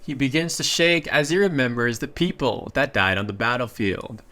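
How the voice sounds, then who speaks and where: A man's voice: medium pitch, normal speed, hardly any pauses. Chatty man recapping a comic story. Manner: chatty, excitable asides. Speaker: manhwa recap narrator. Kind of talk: casual story recap narration.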